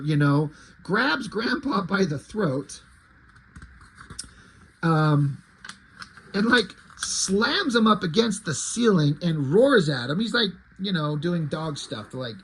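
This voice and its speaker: A man's voice: fairly high pitch, animated, slow pace, a bit bright, a little hiss or hum, poor audio. A man reviewing an old homemade comic in a chatty, rambling way, swearing casually as he flips through it. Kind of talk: casual commentary.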